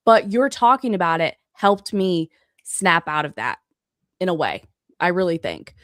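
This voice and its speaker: A woman's voice: lowish voice, very animated, a little slow, a bit bright, dry recording, studio quality. A woman from the North Carolina foothills, co-hosting a casual podcast chat, laughing often and restarting her sentences.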